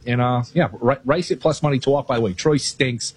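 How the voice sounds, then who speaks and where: A man talking casually about his baseball bets, quick and self-deprecating, with a loose and chatty delivery. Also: mid-range voice, slightly rough, dry recording. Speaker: sports betting analyst guest. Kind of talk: casual betting talk.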